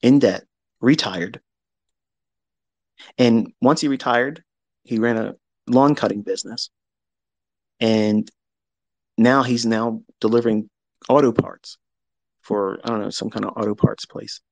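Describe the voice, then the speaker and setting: A man's voice: fairly low pitch, unhurried, gravelly, long pauses, a little mellow, dry recording, low-quality recording. A man in his fifties hosting a live audio chat, telling a personal story in a blunt, profane way and acting out both sides of old arguments. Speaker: host.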